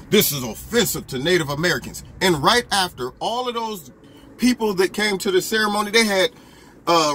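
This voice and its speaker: A man delivers opinionated political commentary, animated and argumentative and packed with rhetorical questions. His voice is high-pitched, and there's a little hiss or hum.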